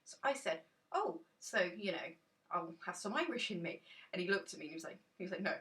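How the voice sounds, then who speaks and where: A woman's voice: on the low side, animated, fairly quick, a bit bright, recorded from a distance. A woman chatting enthusiastically and rambling casually about a tarot deck in a dim room.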